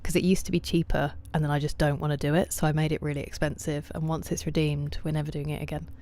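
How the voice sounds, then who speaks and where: A woman livestreaming a game late at night, casually answering viewers' chat messages by name and often slipping into a soft half-whisper. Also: low-pitched, little pitch movement, quick pace.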